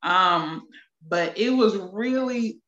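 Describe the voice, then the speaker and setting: Female panel guest, reflective and thoughtful, bright tone, dull roomy recording. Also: medium pitch, expressive, extremely slow. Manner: reflective, thinks aloud with restarts. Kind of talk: casual podcast discussion.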